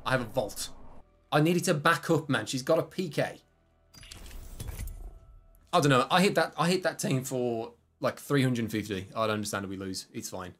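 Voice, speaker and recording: Chatty streamer with a faint Brummie accent. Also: male voice, mid-range voice, moderate pace, pauses often, soft background music. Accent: light Brummie, mostly suppressed. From Birmingham, England. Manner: excitable, chatty, shouts at big moments. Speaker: game streamer. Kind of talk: live gameplay commentary. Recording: noisy game audio under voice.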